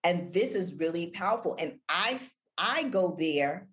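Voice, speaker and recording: An older woman talking on a video call as an interview guest, animated, with big swings between loud and near-whispered delivery. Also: fairly low pitch, a little slow. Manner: animated, wide swings of inflection, drops to near-whisper for effect. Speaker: guest, audio-room moderator.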